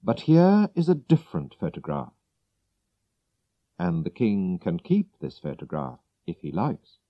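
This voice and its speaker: A man reading out a clever young woman's farewell letter in a measured, composed way. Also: low voice, wildly swooping pitch, no room sound, dull audio, full character voice.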